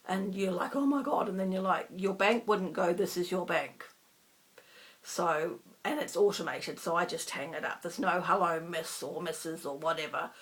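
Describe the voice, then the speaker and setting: A woman's voice: lowish voice, fairly even intonation, moderate pace, hardly any pauses, a bit bright. A middle-aged woman chatting casually about her stitching projects in a rambling, self-deprecating way. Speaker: cross-stitch vlogger. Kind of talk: casual chat.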